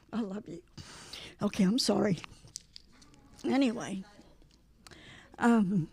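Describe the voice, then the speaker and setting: A woman with a fairly high voice speaks chattily at church, then leads the offering. The sound is close and dry. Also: a little mellow, no room sound. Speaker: minister's wife leading offering. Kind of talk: casual church remarks and offertory. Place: church sanctuary.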